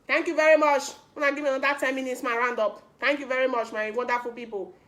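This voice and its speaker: A woman's voice: high-pitched, fairly even intonation, fast talker, fairly bright tone. A young woman with a Nigerian Pidgin accent giving an impassioned activist speech, rousing and repeating lines for emphasis. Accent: Nigerian Pidgin English. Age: young adult. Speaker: activist speaker.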